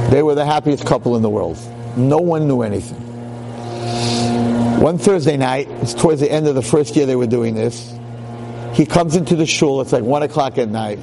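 A man telling a story in a sermon, an animated storyteller with dramatic pauses. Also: mid-range voice, music in the background. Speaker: rabbi lecturer.

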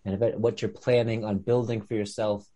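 A man's voice: on the low side, little pitch movement, mellow. A man hosting a podcast, asking long questions that stop and restart as he thinks. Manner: halting, repeats words while forming questions. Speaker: podcast host. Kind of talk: interview questions.

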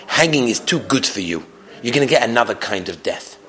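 A man's voice: mid-range voice, lively intonation, brisk, pushed and bright. A man voicing a cruel, mocking male camp officer in a story he is telling, in a voice close to his own. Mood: furious. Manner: mocking, contemptuous.

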